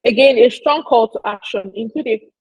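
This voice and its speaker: A woman's voice: fairly high pitch, moderate pace, a little mellow, breathy edge, no echo, muffled recording. A woman giving an informal marketing lesson, chatty and emphatic, speaking straight to her listeners. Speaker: business marketing presenter. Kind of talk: informal teaching talk.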